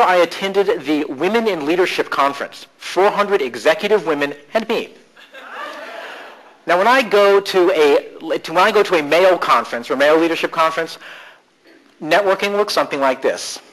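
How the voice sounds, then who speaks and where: A man speaking to a conference audience in a humorous, animated storytelling style. His voice sits somewhat high for a man, and his jokes come one after another in a live presentation. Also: moderate pace, poor audio. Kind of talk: humorous live keynote talk. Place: conference session room.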